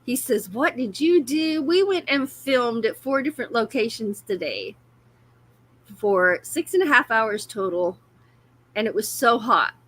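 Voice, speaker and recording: Bright high-voiced woman, laughing chat. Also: animated, measured pace. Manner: chatty, laughs often. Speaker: livestream host. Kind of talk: casual livestream chat.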